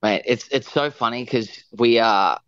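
A man's voice: mid-range voice, measured pace, fairly bright tone, clean tone, dry recording, dull audio. A young Australian man, a musician guest, chatting casually in an interview with lots of fillers and restarts. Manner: rambling, many fillers and restarts.

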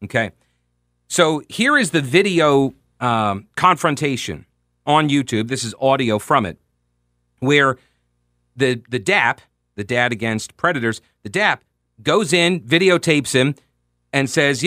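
A man's voice: medium pitch, lively intonation, a little slow, long pauses, pushed and bright, no room sound, studio quality. A man hosting a radio talk show, recounting a story in an emphatic, conversational way.

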